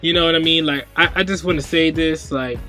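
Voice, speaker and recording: A man's voice: fairly high pitch, brisk, pushed and bright. A young man vents on his own vlog in a slightly raised voice. He is agitated and scattered, restarting phrases and circling back to the same points. Faint music plays underneath. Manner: agitated, rambling, repeats himself. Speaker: vlogger host. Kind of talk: casual rant to camera.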